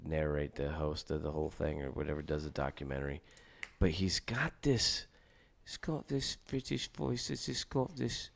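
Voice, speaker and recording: A man hosting a podcast in relaxed conversation with friends. He stumbles over repeated words, swears freely and gets animated when he gets going. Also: a bass voice, moderate pace, creaky, hardly any pauses. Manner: stammering, profane, animated. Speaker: podcast host. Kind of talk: casual chat.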